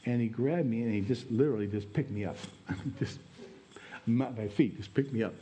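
A pastor preaching a sermon, telling a personal story in an earnest, plain way. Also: male voice, medium pitch, normal speed, dark tone, muffled recording.

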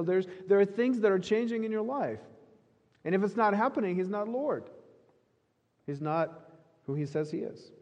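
A pastor preaching a sermon in an earnest, emphatic way, repeating key phrases. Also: male voice, on the high side, warm tone, in a large hall.

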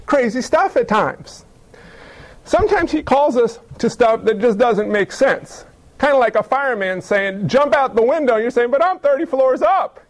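A man with a high voice preaches in a folksy, conversational way. He slips into quick acted bits of dialogue as he makes his points to the congregation. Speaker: pastor. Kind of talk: sermon.

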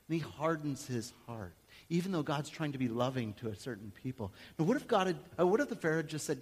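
A male pastor preaching a sermon in a conversational, animated way, acting out little everyday scenes. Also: on the high side, fast, few pauses, husky. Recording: long hall reverb.

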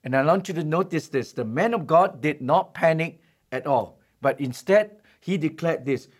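A man's voice: a little high, lively intonation. Emphatic male preacher telling a story. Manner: storytelling preacher, emphatic, slows for key lines. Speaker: pastor. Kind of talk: sermon.

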